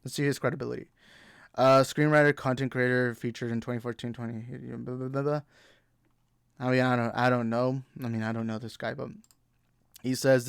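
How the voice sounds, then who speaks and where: A man's voice: medium pitch, normal speed, gravelly, smooth, dry recording. Fired-up young man ranting, dry sound. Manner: blunt, profane, exasperated. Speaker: movie talk show host. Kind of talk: heated ranting commentary.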